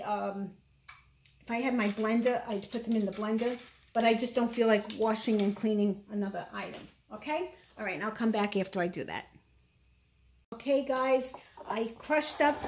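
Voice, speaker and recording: A woman's voice: on the high side, noisy background. A woman with a Brooklyn accent, chatting casually through a home cooking demonstration in her kitchen, opinionated and full of fillers. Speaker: home cook. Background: clattering dishes and utensils.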